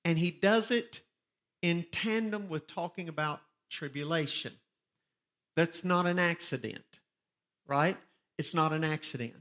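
High-voiced emphatic male preacher. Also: a little slow, long pauses, a bit bright. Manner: emphatic, reads scripture with rising force; directs listeners to underline words. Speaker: pastor. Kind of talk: sermon, Bible teaching.

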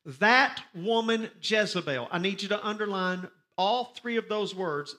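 A man's voice: sits high, a little slow, few pauses, bright, forceful tone. A man teaching a Bible study sermon, reading scripture with rising emphasis and telling listeners to underline words. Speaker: pastor.

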